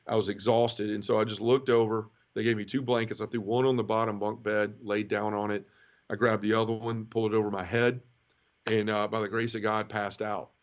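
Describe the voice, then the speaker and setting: A man's voice: fairly low pitch, lo-fi sound. A man telling his own conversion story in an interview, earnest and vivid, often restarting and repeating words. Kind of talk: emotional personal storytelling.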